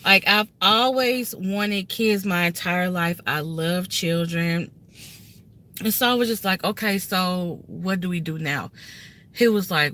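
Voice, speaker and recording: A woman in her thirties speaks into a phone held at arm's length inside a car. Her voice is low-set but bright and forceful. She tells a personal story in an earnest, emotional way and often turns straight to her viewers. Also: takes it slowly, slight background noise. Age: 30s. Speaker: vlogger telling a personal story. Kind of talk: casual heartfelt story time.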